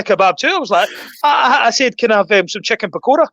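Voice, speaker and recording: A Scottish man telling stories in a casual chat, getting animated and raising his voice when he rants. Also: high-pitched, quick pace, no echo. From Scotland. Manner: animated storyteller, voice jumps up when ranting. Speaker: guest.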